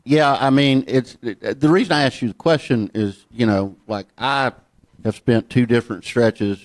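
A man's voice: medium pitch, measured pace, no room sound. A man from north Georgia with a Southern accent, interviewing in a rambling, storytelling way. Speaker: podcast interviewer. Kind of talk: casual interview chat.

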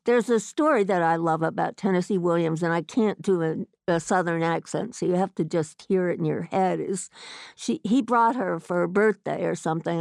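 A woman's voice: on the low side, gravelly, darkish tone, dry recording, studio quality. A woman author answering interview questions in a thoughtful, hesitant way with many fillers.

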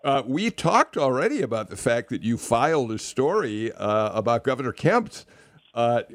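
A man's voice: medium pitch, no room sound. Plain-voiced male radio talk host. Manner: halting, many fillers, wry. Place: radio studio.

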